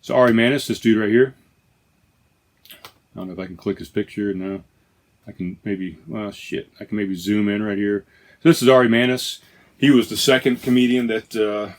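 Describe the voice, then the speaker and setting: A middle-aged man talks alone on his podcast in a casual, rambling way. He gets enthusiastic and often circles back to fix his own wording. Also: on the low side. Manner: rambling, self-correcting, enthusiastic. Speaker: podcast host. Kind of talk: casual solo podcast chat.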